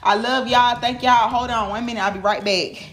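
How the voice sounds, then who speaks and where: Profane, animated woman reading tarot. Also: fairly high pitch, normal speed. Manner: profane, animated, talks straight to viewers. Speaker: tarot reader. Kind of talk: casual tarot reading vlog. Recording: echoey room with clear background noise.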